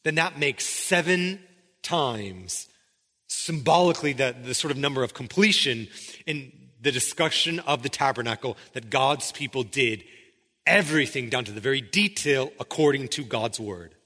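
A man's voice: medium pitch, animated, moderate pace, pushed and bright, in a large hall. A male pastor preaching a sermon, emphatic, often checking in with "right?". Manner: emphatic, keeps asking "right?".

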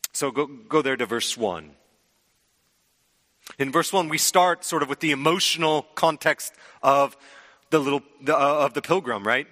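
Bright-voiced preacher in a big hall. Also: male voice, a little high, moderate pace. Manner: expressive preaching, swings from loud to hushed. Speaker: pastor. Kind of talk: sermon. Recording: long hall reverb.

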